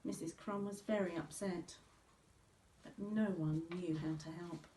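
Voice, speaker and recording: A woman teacher reading a storybook aloud to pupils with an expressive voice, recorded in an echoey room from some distance. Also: fairly low pitch, measured pace, slight background noise.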